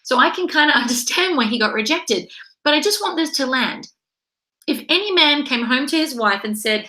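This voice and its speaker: A woman in her thirties giving an emphatic, lively motivational talk as a mindset coach, often acting out quoted voices. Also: sits high, normal speed. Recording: echoey room.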